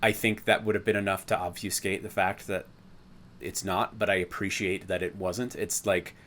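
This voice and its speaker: A man's voice: low voice, little pitch movement, normal speed, a bit bright, slight background noise. A man co-hosting a podcast, reviewing a film in casual chat with a rambling, self-interrupting, nerdy way of talking. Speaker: podcast co-host.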